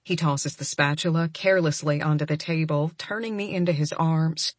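Soft, breathy woman narrating a romance. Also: deep voice, normal speed, dry recording. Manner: soft, breathy and emotional, often near a whisper. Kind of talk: first-person audiobook narration.

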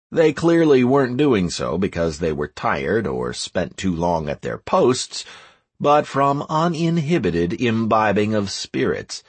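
Husky expressive man narrating a story. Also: sits low, no echo. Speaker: audiobook narrator. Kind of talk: scripted first-person fantasy narration.

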